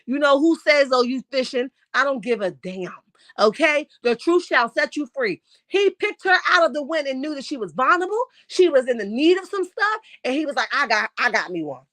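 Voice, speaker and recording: A woman doing sassy, emphatic live-stream commentary and reading viewer comments, her voice going hoarse. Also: high voice, lively intonation, a little fast, fairly bright tone, dry recording. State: losing her voice. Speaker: YouTube commentary host.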